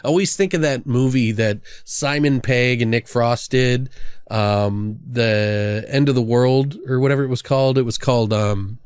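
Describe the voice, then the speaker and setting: Loud swearing male podcast host. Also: medium pitch, normal speed, smooth, no room sound, studio quality. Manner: loud, joking, swears constantly. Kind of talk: casual profane chat. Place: home, Arizona.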